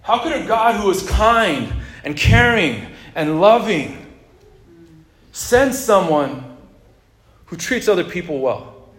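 A man preaching a sermon in a relaxed, conversational way, with jokes and asides to the congregation. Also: sits high, slow pace, pauses often. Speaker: pastor. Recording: echoey room.

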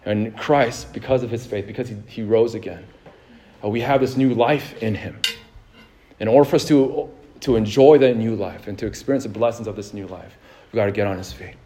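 Guy preaching a sermon, lots of uh and restarts, gets fired up then calm for a story. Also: on the low side, brisk. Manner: frequent fillers and repeated words. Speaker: pastor.

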